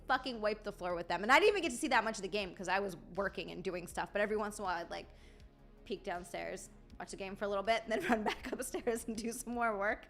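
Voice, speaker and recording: A woman's voice: mid-range voice, a bit bright. A young woman chatting casually on a live stream, swearing freely and greeting viewers by name.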